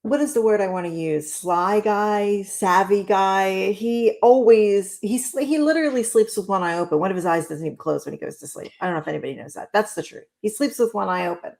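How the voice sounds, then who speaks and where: A woman's voice: mid-range voice, a little fast, gravelly, hardly any pauses, a little mellow. Chatty sarcastic woman co-host. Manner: chatty, sarcastic, laughs often. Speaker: podcast co-host. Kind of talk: casual chat reviewing wrestling.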